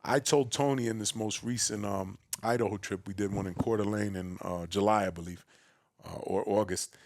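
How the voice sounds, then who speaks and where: A man from the Bronx with a New York accent, a podcast guest telling his story in a big, loud, boisterous way. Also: fairly even intonation, normal speed, dry recording. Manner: acts out quoted voices with a raised pitch. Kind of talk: casual storytelling conversation.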